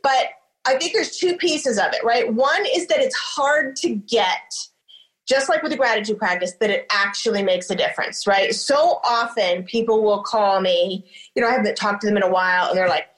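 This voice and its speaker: A woman's voice: mid-range voice, normal speed, a bit bright, poor audio. A woman therapist hosting a casual talk, speaking conversationally with many fillers. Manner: conversational, frequent "you know what I mean". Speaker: therapist and host. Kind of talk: casual chat.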